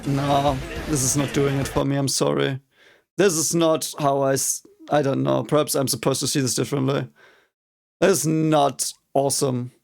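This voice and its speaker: Over music, a young German man with a German accent speaks at a normal speed in a medium-pitched voice with vocal fry and little pitch movement. He's a reaction video host giving casual commentary on an anime episode, frustrated, swearing a lot and mock-cheering.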